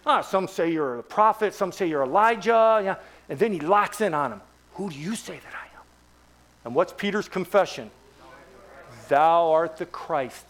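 Man, 60s, high voice, guest preacher, lively joking sermon, rhetorical questions. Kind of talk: evangelistic sermon. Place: church in front of a congregation.

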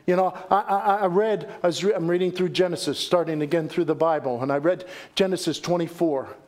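Male pastor, middle-aged, high voice, lively folksy preaching, jokey asides. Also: a little fast. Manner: animated, folksy, with joking asides and repeated phrases. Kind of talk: sermon.

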